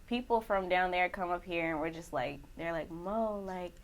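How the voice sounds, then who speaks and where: A woman's voice: fairly low pitch, normal speed. Chatty young woman co-host. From Richmond, Virginia. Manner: chatty, many "like" fillers. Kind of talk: casual chat.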